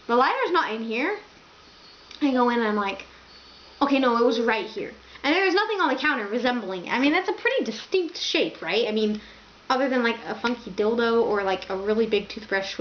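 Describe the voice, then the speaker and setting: A young woman tells a casual storytime, rambling and full of "like" and "um". Her voice sits a little high, and the room rings with echo. The recording sounds a bit dull, with a faint hiss of ambience underneath. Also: animated, quick pace. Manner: rambling, filler-heavy, lots of "like". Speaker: vlogger. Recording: echoey, slightly dull home recording.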